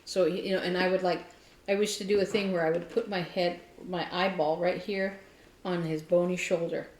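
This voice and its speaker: A woman co-hosting a casual craft podcast, telling stories in an animated way. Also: fairly low pitch, moderate pace. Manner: animated storytelling, mimics her cat. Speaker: podcast co-host. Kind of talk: casual chat. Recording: echoey room.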